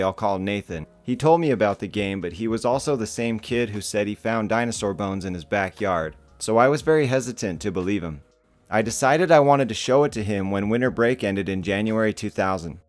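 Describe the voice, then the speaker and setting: A man narrating internet stories in a casual, wry tone, as the channel's regular narrator. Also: on the low side.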